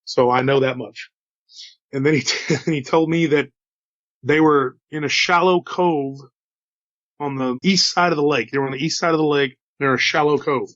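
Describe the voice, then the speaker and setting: A man's voice: on the high side, moderate pace, fairly bright tone, dry recording, highs cut off. Folksy man with a slight Texas drawl. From Texas, USA. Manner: chatty, folksy asides to listeners. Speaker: host telling encounter stories. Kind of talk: casual storytelling.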